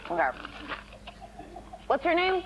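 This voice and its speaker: A woman comedian on a panel show, giving joke advice in a dry, deadpan, sarcastic way. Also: very high-pitched, slow pace. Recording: muffled TV audio with faint noise.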